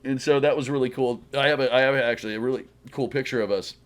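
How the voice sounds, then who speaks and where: A middle-aged man, a guest actor, chatting casually and telling rambling, animated stories. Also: medium pitch, fast talker. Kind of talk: casual chat.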